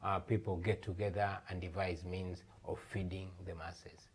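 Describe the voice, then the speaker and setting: A man's voice: low voice, little pitch movement, normal speed, slight background noise. A man in his thirties from Uganda, an earnest, emphatic guest in a TV studio interview. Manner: earnest, emphatic, repeats words. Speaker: guest, musician.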